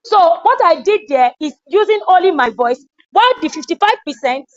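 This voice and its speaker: A woman with a very high voice runs a classroom training session, animated and demonstrative. The recording is dull and lo-fi, taken in a lecture room. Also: fairly quick, no room sound. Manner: animated, acts out scolding.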